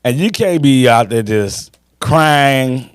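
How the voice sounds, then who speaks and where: Animated man in his fifties. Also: mid-range voice, clear, resonant tone, no room sound, studio quality. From Chicago. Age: 50s. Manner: emphatic, swearing, drawn-out storytelling. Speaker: podcast co-host. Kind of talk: casual sports chat.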